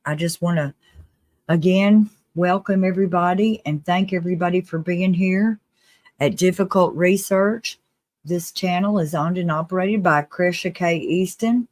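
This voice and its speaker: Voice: medium pitch, no echo. Chatty, earnest live-stream host, dry sound. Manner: chatty, earnest, with restarts and quick laughs. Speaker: livestream host. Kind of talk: casual live commentary.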